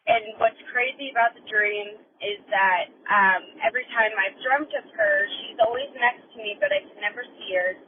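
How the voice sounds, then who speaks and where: A woman's voice: medium pitch, very animated, normal speed, hardly any pauses, slight background noise. A young woman leaving a chatty, rambling voicemail, telling a story with lots of fillers and getting emotional. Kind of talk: casual phone message storytelling. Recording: tinny phone line voicemail.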